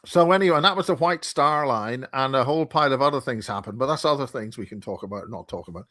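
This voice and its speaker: A man's voice: medium pitch, quick pace, pushed and bright, dry recording. A man with a Belfast accent, a conference founder chatting as a guest over a video call, rambling and joking. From Northern Ireland. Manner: rambling, joking, self-interrupting. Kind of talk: casual chat. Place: home in Wiltshire.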